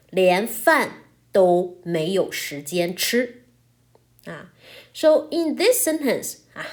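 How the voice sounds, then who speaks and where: Woman, native Chinese speaker, grammar teacher; slow, patient delivery with lively pitch swings. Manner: slow, patient explaining, checking in with "right?". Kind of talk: grammar lesson explaining in English with Chinese examples.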